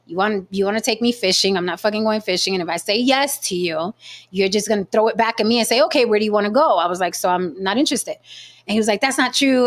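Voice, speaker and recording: A woman hosting a casual chat show, telling a story in a blunt, profane, animated way. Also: mid-range voice. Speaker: podcast host.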